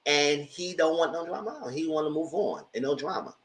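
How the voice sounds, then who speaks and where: Animated gossipy man recapping TV. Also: normal speed. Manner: animated and gossipy, jumps to shrieking high voice when quoting himself. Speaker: TV review show host. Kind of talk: casual live TV recap commentary.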